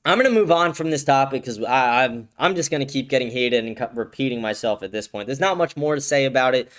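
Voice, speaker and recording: A man hosts a live-stream political commentary show, ranting angrily and swearing often. His voice is medium in pitch and fairly bright, and he talks quickly.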